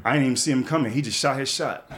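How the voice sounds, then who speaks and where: A man in his thirties doing a stand-up comedy set, telling stories in a loose, conversational way with big animated swings. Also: mid-range voice, rapid-fire. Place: comedy club stage with live audience. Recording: live set with loud crowd laughter.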